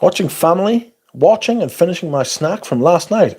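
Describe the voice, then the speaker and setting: Husky, lively man ranting casually. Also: sits high, moderate pace, few pauses. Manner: blunt, profane and sarcastic. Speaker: livestream host. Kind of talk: casual livestream chat reading comments.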